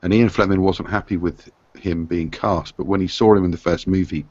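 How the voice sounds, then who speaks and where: A man with a very low voice rambles chattily through a casual group discussion. The sound is dull and lo-fi. The room adds almost no echo, so the voice sits close and dry. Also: steady tone, a little fast, darkish tone. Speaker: panelist.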